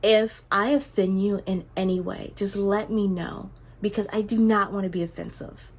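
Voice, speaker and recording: A woman voicing an overly careful college professor who speaks softly and placatingly. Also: mid-range voice, steady tone, moderate pace, husky.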